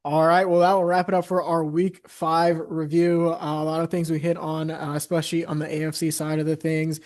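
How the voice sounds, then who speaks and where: A man's voice: fairly high pitch, little pitch movement, brisk, a little mellow. A young man co-hosting a casual sports podcast, talking steadily with many "uh" and "you know" fillers. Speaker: podcast co-host.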